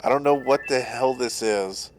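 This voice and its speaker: A man streaming a game, giving casual, animated commentary, joking and swearing lightly. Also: medium pitch, moderate pace, background noise. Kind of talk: gameplay commentary, reading dialogue aloud.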